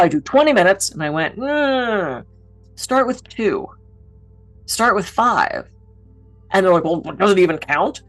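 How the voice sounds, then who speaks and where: A woman giving a motivational talk to camera as a mind-body speaker, frank and encouraging, swearing casually now and then. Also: fairly low pitch.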